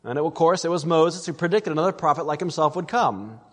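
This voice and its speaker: A man's voice: a little high, animated, fast. Earnest male preacher in a reverberant hall. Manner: earnest, emphatic, addresses listeners as friends. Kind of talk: expository sermon.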